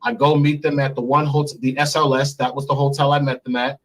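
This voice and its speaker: A man in his thirties, recounting a story candidly and profanely in an interview, getting animated as he goes. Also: quick pace, crowd noise, rough recording. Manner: animated, profane, climbs high when excited. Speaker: interview guest. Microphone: remote stream mic.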